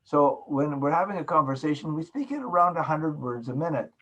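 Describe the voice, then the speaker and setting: Fairly quick and lively in intonation, this Canadian man's voice sits on the high side, though the audio is dull. In his recorded class lecture he hammers key words emphatically, repeats them, and demonstrates soft versus loud speech.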